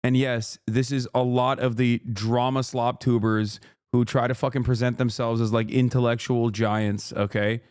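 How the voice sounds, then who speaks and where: A man's voice: medium pitch, little pitch movement, normal speed, a little mellow, smooth, dry recording. A man livestreaming casual political commentary, ranting in a sarcastic, profane, heated way on a close mic.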